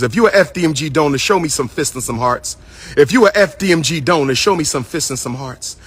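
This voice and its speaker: A man's voice: on the high side, sharp tone. A man hosting a casual livestream, talking to his viewers in a playful, repetitive, sing-song way. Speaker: livestream host. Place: indoors at his school building.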